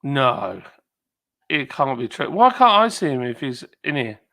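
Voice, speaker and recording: A man with a British accent chatting excitedly on a live stream, exclaiming and laughing often. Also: mid-range voice, a little slow, gravelly. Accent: British English. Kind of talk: casual live stream chat.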